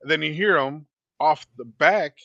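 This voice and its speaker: Bright, blunt middle-aged man. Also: on the high side, moderate pace, creaky, no echo, muffled recording. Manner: blunt, profane storytelling. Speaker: podcast co-host. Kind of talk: casual sports podcast chat.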